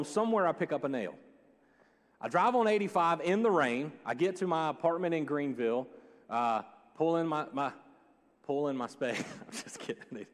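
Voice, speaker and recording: A man preaching a sermon as a joking, animated storyteller. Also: a little high. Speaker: pastor. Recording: long hall reverb.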